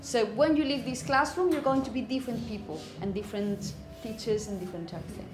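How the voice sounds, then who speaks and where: A woman's voice: on the high side, quick pace. A woman teaching phonetics in a classroom, enthusiastic and drilling words by repeating them. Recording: echoey room with background noise.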